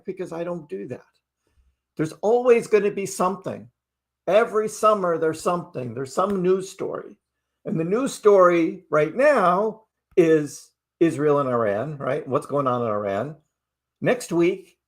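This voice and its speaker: Guy with a pretty high voice talking casually on a livestream, keeps saying right?. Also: expressive, a little slow. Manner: chatty, keeps asking "right?". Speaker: crypto livestream host.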